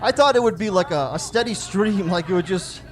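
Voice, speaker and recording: A man's voice: high voice, brisk. A man in his forties doing stand-up, telling self-deprecating stories about his daughters and acting out their dialogue. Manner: storytelling with self-deprecating jokes, acts out family dialogue. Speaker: stand-up comedian. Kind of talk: stand-up comedy.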